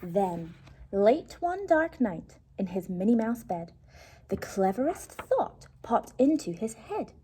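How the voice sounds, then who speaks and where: A woman reading a rhyming picture book aloud to children, slow and expressive, hushing her voice at tense moments. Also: fairly high pitch, slight background noise. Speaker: storyteller.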